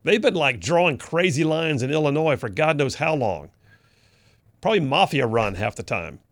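Man, radio talk host, gravelly voice, dry studio sound, folksy sarcastic delivery. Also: on the high side, expressive, moderate pace, a bit bright, no echo. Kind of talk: conservative political talk radio.

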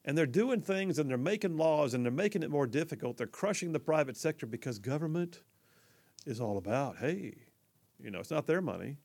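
A man with a Southern Alabama accent hosts a talk radio show in a chatty, emphatic, folksy way. His voice sits a little higher than most men's, and he talks straight into a studio mic. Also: lively intonation, fairly quick, creaky, darkish tone. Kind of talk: conservative talk radio monologue.

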